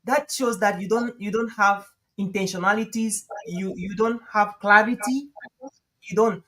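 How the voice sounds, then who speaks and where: A man talking as a guest coach on a live stream, lively and emphatic, often laughing and repeating phrases for emphasis. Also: high-pitched, measured pace, poor audio. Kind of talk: conversational advice on a live stream.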